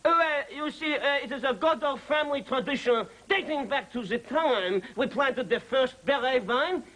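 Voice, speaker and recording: A man's voice: extremely high pitch, normal speed, fairly bright tone, rough recording. An actor playing an impostor man who fakes a hammy French accent and mangles French phrases. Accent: fake French. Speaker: sitcom character. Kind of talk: sitcom acting.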